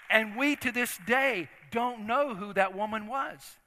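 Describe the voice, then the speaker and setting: A man's voice: high voice, unhurried, sharp tone. An older man preaching a sermon as a story, talking in an earnest, conversational way with frequent restarts. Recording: long reverb of a large hall.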